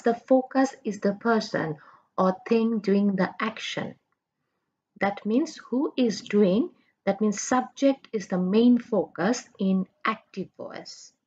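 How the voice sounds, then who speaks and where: Woman teacher, Bangladeshi English accent, slow careful delivery, fairly high voice, dull lo-fi recording. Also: lively intonation, darkish tone, husky. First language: Bengali. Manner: slow, patient, asks questions and repeats points. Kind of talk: recorded classroom lecture.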